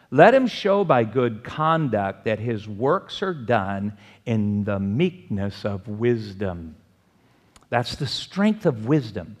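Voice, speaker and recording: A man preaching a sermon as pastor. He swings from loud exclamations to quiet asides and has the congregation repeat phrases back to him. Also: medium pitch. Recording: long hall reverb.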